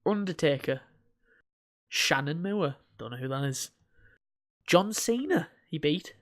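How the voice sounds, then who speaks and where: A man's voice: fairly high pitch, expressive, unhurried, fairly bright tone. A young man co-hosting a podcast, chatting casually, joking and swearing as he reads through lists. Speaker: podcast co-host. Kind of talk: casual chat.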